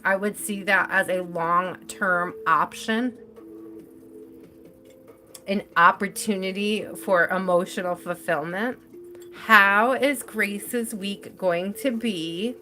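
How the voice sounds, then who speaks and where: A woman giving a live tarot reading in a relaxed, chatty way. She giggles easily and speaks straight to her viewers by name. Her voice sits at a middle pitch. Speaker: tarot reader.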